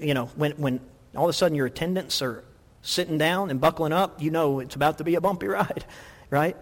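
A middle-aged man preaching a sermon, telling stories with lively energy and frequent restarts. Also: on the high side, a little fast. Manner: animated storytelling with many restarts. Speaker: pastor. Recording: long hall reverb.

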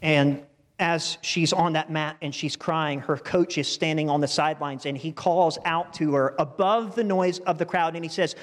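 A man's voice: a little high, moderate pace, long reverb tail. A male pastor preaching a sermon in a conversational style, with asides to the congregation.

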